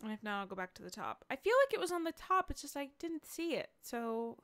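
A woman's voice: a little high, very animated, fairly quick, fairly bright tone. A woman gamer giving casual commentary while she plays, often frustrated, swearing and mocking herself.

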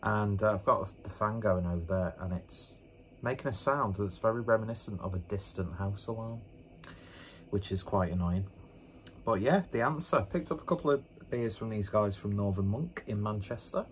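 Man, lowish voice, casual beer review vlog, rambling, self-mocking jokes, faint background noise. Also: normal speed. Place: indoors at home with a fan running.

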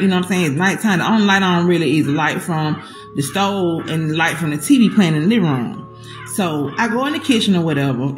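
A woman spinning a casual storytime, swearing freely and addressing her audience directly. Her pitch leaps around as she talks, and the voice bounces in an echoey room with soft music behind. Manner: profane, animated, talks to viewers as "y'all".

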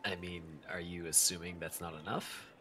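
A man's voice: deep voice, level tone, moderate pace, over music. A man playing a tabletop game, speaking in a dry, hesitant way. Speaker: player. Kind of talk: tabletop role-play.

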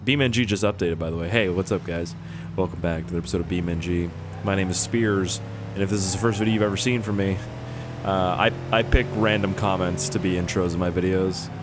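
A man's voice: deep voice, steady tone, fairly quick, noisy background. A young man giving joking, rambling gameplay commentary as a video host, trailing off and interrupting himself. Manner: rambling, jokey, self-interrupting. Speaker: gaming YouTuber.

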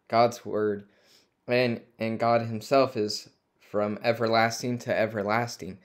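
A man leading a weekday family devotion, reading scripture aloud and preaching in an earnest, unhurried way with frequent pauses and fillers. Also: medium pitch, steady tone. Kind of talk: devotional Bible reading and short sermon.

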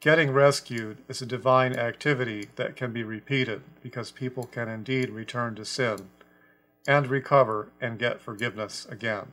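A man teaching a scripture lesson about a translation, speaking deliberately and stressing quoted words. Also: mid-range voice, fairly even intonation, fairly bright tone. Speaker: Bible teacher.

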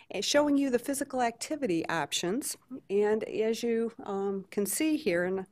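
A woman from Detroit moderating a conference panel, talking conversationally with many fillers. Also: medium pitch. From Detroit, USA. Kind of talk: conference talk. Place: conference hall stage.

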